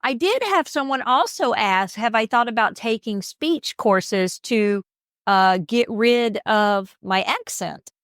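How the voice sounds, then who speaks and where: A woman with a Southern US accent, co-hosting a podcast in casual, animated chat. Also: a little high, slow, no room sound, studio quality. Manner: chatty, animated storyteller with emphatic asides. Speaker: podcast co-host.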